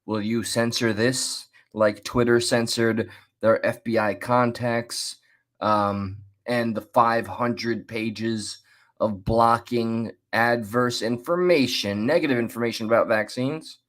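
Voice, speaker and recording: Slow, chatty man hosting a reaction stream. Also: medium pitch, steady tone, fairly bright tone. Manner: chatty, laughs and restarts, drawn-out asides. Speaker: commentary host. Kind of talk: casual reaction commentary.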